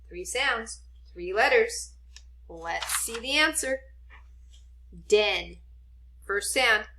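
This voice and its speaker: A woman teaching a children's spelling lesson, sounding out each letter slowly and gently reassuring. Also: fairly high pitch, expressive.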